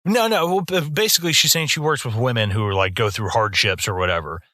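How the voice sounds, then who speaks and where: Young man, podcast co-host, casual profane film chat, bright tone, dry sound. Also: mid-range voice, fast talker, dry recording. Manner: profane, animated storytelling with put-on voices.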